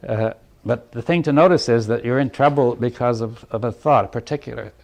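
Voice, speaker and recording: A man giving a reflective talk to a group, thinking aloud in halting phrases, checking in with "right?" and chuckling lightly between points. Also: mid-range voice, creaky, darkish tone. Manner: thoughtful, halting, often asks "right?". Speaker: speaker leading a group dialogue.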